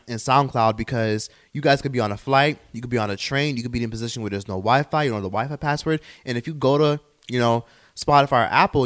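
A man's voice: medium pitch, fairly bright tone. A young man hosting his own podcast, ranting profanely and animatedly, sliding into mocking voices when he quotes others. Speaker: podcast host. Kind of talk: solo podcast rant.

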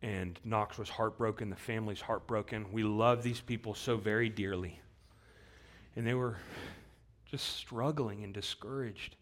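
Male pastor, sermon delivery, earnest, low register, emphatic scripture reading, repeats lines for weight. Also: fairly even intonation, a little slow. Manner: repeats key phrases for weight.

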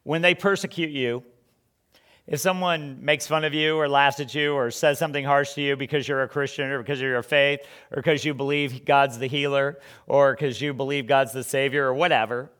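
A man's voice: mid-range voice, fairly even intonation, moderate pace, fairly bright tone, smooth. A man preaching a sermon in a conversational way, full of rhetorical questions and stumbling restarts.

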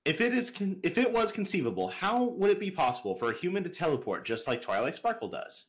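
Animated man reading listener questions. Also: high-pitched, fast talker. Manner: reads listener questions, dry quips. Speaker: podcast co-host. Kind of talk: casual podcast chat.

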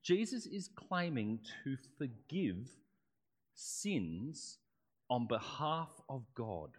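A man's voice: medium pitch, very animated, drawn-out words. A man preaching a sermon in a conversational way, often checking in with rhetorical questions. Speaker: pastor. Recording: long hall reverb.

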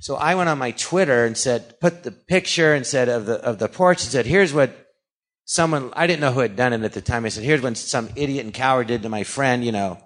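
A man's voice: medium pitch, a little fast. Man rambling through a heated story. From California, USA. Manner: rambling, animated retelling with quoted dialogue and sarcastic asides. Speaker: guest actor and comedian. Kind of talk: casual storytelling in a podcast interview.

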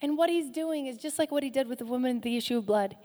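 A woman's voice: high voice, fast. Passionate woman pastor in a reverberant hall. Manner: passionate preaching with sudden loud rises and soft drops. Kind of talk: sermon.

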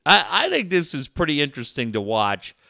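Animated middle-aged male radio host. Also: fairly high pitch, fairly quick, creaky, no echo, clean studio sound. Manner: animated storyteller, rambling with restarts. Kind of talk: casual talk radio chat.

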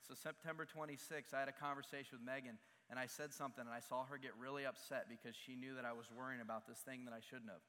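In a large church hall with a long reverb tail, a young pastor preaches in a bright, forceful, mid-range voice. His tone stays steady as he talks fast with few pauses, earnest and confessional, building toward emphatic peaks.

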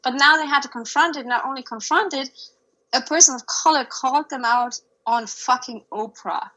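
A woman in her thirties speaks on a podcast with a bright, tense, fairly high voice. She is earnest and hedges her points with many fillers. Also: moderate pace, rough recording. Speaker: podcast co-host. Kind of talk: casual podcast chat.

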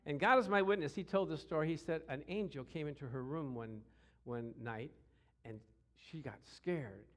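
A middle-aged man preaching a sermon through personal stories, acting out voices with shouts and growls. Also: a little high, moderate pace. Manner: animated, acts out quotes with shouts and growls. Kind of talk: storytelling sermon.

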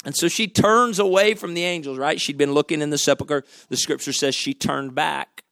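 A man preaching a sermon, dramatic and full of rhetorical questions, dropping to a hush and then rising loud again. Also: fairly high pitch, steady tone, a little fast, creaky, no room sound, clean studio sound.

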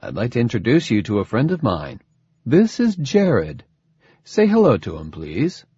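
A man voicing a gentle scientist father who explains things calmly and quickly. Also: medium pitch, husky, no room sound, highs cut off, exaggerated voice. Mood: coaxing.

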